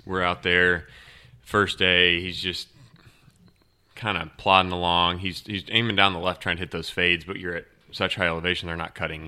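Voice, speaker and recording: A man telling a lively golf story as a podcast guest, acting out what people said. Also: sits low. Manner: animated storyteller acting out quotes. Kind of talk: casual storytelling.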